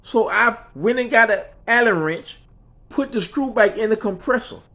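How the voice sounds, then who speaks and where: A man's voice: high-pitched, normal speed, bright, forceful tone. A man telling a personal story in a conversational, repetitive way, often checking in with the listener. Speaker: speaker.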